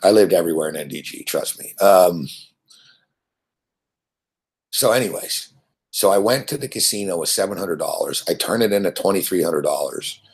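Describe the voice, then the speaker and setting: A deep, husky man from Montreal hosting a show. He tells a rambling, profane story and keeps circling back to repeat himself. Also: normal speed, long pauses. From Montreal, Canada. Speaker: host.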